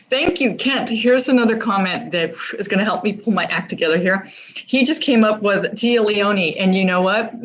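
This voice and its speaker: On a live stream, a female host reads out viewer comments in a loose, candid chat full of false starts and filler words. Her voice is medium in pitch and a little bright, and the audio quality is poor.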